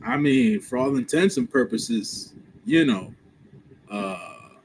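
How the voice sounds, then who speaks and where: Gravelly, lively laid-back man. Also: mid-range voice, takes it slowly, a little hiss or hum, poor audio. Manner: laid-back, lots of fillers, laughs often, slangy. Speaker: podcast co-host. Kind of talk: casual live-stream chat.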